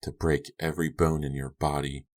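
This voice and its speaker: A deranged teenage girl who taunts in a quiet, calm, menacing tone, as a man with a very deep voice reads her lines. The voice stays soft and low for the storybook. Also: moderate pace. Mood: quietly taunting. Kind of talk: audiobook character voice.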